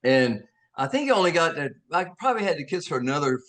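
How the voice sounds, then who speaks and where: Speaking fast in a slightly high, sing-song, somewhat bright voice, a Southern-accented Georgia man in his sixties spins casual stories as an interview guest. He's folksy, laughs a lot, and acts out the quotes he tells.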